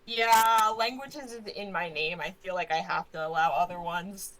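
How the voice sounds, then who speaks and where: A woman from Germany, a stream moderator and co-player, chatting casually and talking fast when excited. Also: fairly low pitch, poor audio. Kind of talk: casual chat while gaming.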